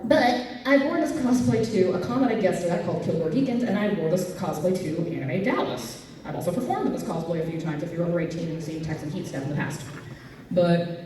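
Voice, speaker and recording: A woman doing stand-up comedy storytelling at a convention panel, animated, jumping to squeaky highs. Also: fairly quick, noisy background. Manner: animated, jumps to squeaky highs for quoted fans. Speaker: cosplay comedian. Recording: echoey hall, mic from far off.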